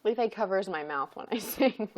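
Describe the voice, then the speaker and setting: Young woman, livestream host, very lively pitch, laughs a lot, playful self-mocking chat. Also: moderate pace, a crowd in the background.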